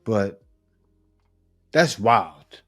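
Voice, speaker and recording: A man's voice: fairly low pitch, expressive, extremely slow, fairly bright tone, soft background music. A man hosting a reaction video, giving blunt, emphatic commentary with chuckles.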